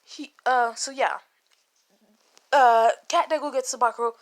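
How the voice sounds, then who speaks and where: A woman's voice: high voice, fairly even intonation, measured pace. A woman casually retelling a made-up fan story, rambling and swearing, with many restarts. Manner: rambling and profane, full of restarts and "like".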